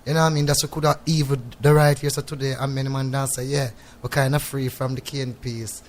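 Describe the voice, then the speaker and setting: A man's voice: medium pitch, level tone, fast. A man with a Jamaican accent, a reggae artist giving a radio studio interview. He speaks in patois, reflective and preachy, and often checks in with "you know what I mean".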